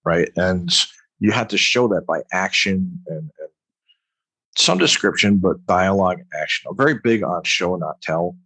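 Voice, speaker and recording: Low husky-voiced man, emphatic storyteller. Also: moderate pace, sharp tone, dry recording. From Long Island, New York. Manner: rambling, emphatic, keeps asking "right?". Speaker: author, military veteran guest. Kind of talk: conversational interview.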